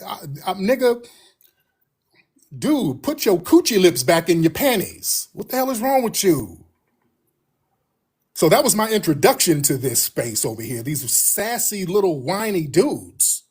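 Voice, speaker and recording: A man's voice: high-pitched, very animated, measured pace, darkish tone, husky. A man hosting a livestream in casual chat, telling stories in a slangy, laid-back way. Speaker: livestream host.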